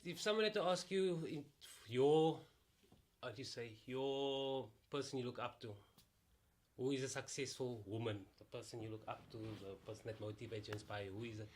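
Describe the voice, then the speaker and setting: Very low-voiced woman interviewing. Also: normal speed, darkish tone, a little hiss or hum. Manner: encouraging, frequent short affirmations. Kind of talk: casual interview.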